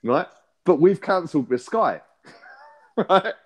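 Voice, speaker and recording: A man's voice: high voice, expressive, husky. Swearing man telling a rant. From England. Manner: swearing, storytelling with rapid back-and-forth. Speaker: podcast co-host. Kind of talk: casual chat.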